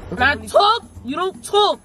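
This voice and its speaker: A brash young woman in her early twenties, demanding and boastful in a street prank, with a lively swinging pitch. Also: measured pace, a loud crowd. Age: young adult. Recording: noisy outdoor street recording.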